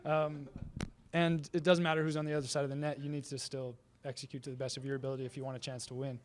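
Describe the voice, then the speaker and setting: A man's voice: medium pitch, level tone, fast, slight background noise. A man, an athlete, answering an interview question.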